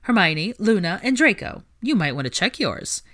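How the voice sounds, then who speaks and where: Lady doing a cheeky schoolboy calling out loud, higher voice. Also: very animated, moderate pace, no echo, clean studio sound. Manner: calling out loudly.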